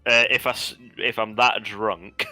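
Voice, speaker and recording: A man's voice: fairly low pitch, little pitch movement, a little slow, sharp tone, soft background music. A man playing in a tabletop game, chatty and laughing often. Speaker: player. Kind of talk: casual play at the table.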